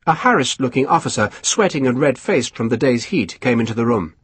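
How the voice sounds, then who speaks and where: A man reading an audiobook aloud with expressive storytelling. His voice is husky, ranges lively in pitch and sounds close and dry. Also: a little fast, hardly any pauses, no echo. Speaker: audiobook narrator. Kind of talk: scripted narration.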